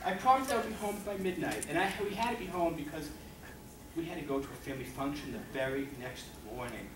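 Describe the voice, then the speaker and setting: A man's voice: a little high, fast. A man telling a funny personal story to a meeting audience, often laughing at himself. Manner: laughing, self-mocking storytelling. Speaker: club member telling an impromptu story. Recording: echoey meeting room from far off, loud noise.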